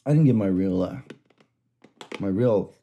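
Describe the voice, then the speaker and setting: A man's voice: sits low, expressive, a little slow, dark tone, muffled recording. A man telling a story in casual podcast chat, rambling and stopping to restart his sentences.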